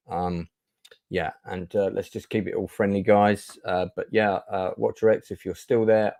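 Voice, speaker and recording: A man's voice: sits low, a little mellow, dry recording. A man hosting a casual livestream chat show, talking chattily with many fillers and restarts. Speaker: host.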